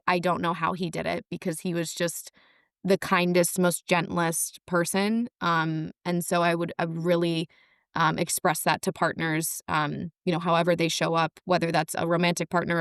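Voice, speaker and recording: A woman's voice: fairly low pitch, creaky, clean tone, no room sound, clean studio sound. A young woman telling her story in a candid, wry way on a casual podcast.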